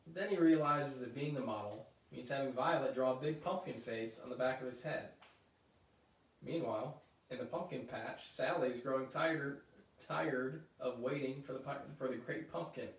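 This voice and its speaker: A man reading a children's picture book aloud, with lively, chatty asides between passages. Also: medium pitch, moderate pace. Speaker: story reader. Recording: roomy echo, mic at a distance.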